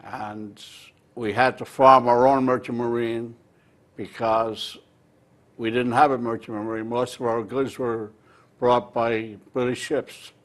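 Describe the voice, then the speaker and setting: An older man with an Irish accent, recalling his seafaring youth in an interview and pausing often with "uh". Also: mid-range voice, little pitch movement. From Ireland. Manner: measured, with frequent "uh" pauses. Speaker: interview guest. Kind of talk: reminiscing in a local TV interview.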